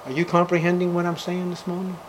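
Older male preacher, high-voiced and fervent, moving from booming to hushed. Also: completely flat delivery, fast, a little hiss or hum, poor audio. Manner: fervent, swinging between loud outbursts and hushed passages. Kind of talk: sermon. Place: church service.

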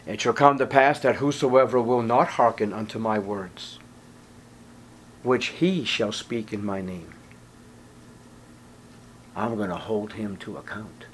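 A man preaching a sermon, reading scripture in old-fashioned wording and pleading with his listeners, his voice dropping to a hush and then rising to ringing emphasis. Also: lowish voice, a little slow, pauses often, slight background noise. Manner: swings from hushed to ringing emphasis; pleading, urgent appeals to listeners.

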